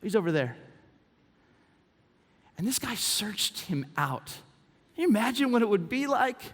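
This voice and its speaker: A man preaching a sermon as pastor, telling stories in an animated way, swinging from hushed to exclaiming. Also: very high voice, moderate pace, husky. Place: church auditorium. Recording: reverb from a large hall.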